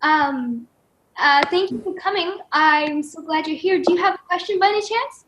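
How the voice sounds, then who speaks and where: A woman with a high, bright-pitched voice talks effusively over a video call. She gushes and gets emotional easily, chatting casually as a musician guest. The sound is that of a home call mic. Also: moderate pace, slight background noise, low-quality recording. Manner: effusive and gushing, often emotional.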